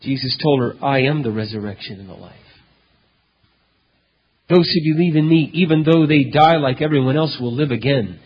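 A male pastor preaching a sermon, telling a story dramatically, with loud emphatic peaks and hushed low passages. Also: normal speed, husky. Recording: dull lo-fi recording in a reverberant hall.

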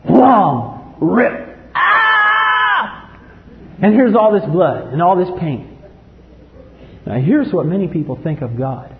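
A man preaching a sermon, emphatic, swinging from loud outbursts to low quiet lines. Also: big pitch swings, normal speed, long pauses, slight background noise. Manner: emphatic, rises to loud acted outbursts then drops low. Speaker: pastor. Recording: echoey hall, dull lo-fi sound.

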